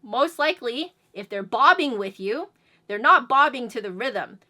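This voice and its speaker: A woman teaching music in a chatty, energetic way, singing syllables to demonstrate beats. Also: on the high side, normal speed. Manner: explains then sings syllables to demonstrate beats. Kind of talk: instructional video lesson.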